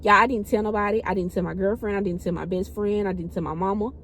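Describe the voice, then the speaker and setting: A woman in her twenties telling a personal story in a casual vlog, chatty and animated, talking straight to her viewers. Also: mid-range voice, quick pace, a little hiss or hum, low-quality recording. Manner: chatty, animated, keeps addressing viewers directly. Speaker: vlogger.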